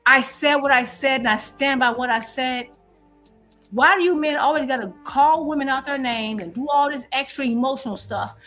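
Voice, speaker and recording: A woman's voice: high voice, normal speed, a bit bright, soft background music. A woman on a live-stream panel, arguing in a confrontational, defiant way and repeating her points.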